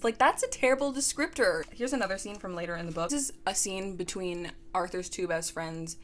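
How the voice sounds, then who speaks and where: A woman's voice: on the low side, a little fast, few pauses, a little hiss or hum. A young woman ranting in a book review vlog, sarcastic and exasperated, full of "like".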